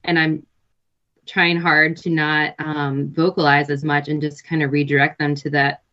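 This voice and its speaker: A woman in her thirties, a nurse and health coach, chatting relaxed in an interview, laughing often and pausing to think. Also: low voice, highs cut off. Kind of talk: casual interview chat.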